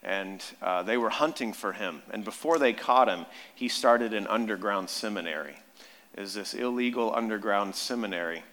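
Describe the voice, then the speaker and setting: A man in his thirties preaching a sermon, telling stories in an animated way and rising to loud emphasis. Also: lowish voice, normal speed. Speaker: pastor. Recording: long reverb of a large hall.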